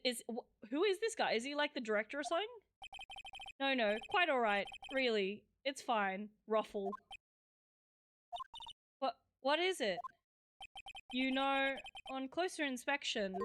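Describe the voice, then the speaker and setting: A woman's voice: high-pitched, a bit bright, slight background noise. A young woman streaming a game live, reading its dialogue aloud in a flustered, giggly way.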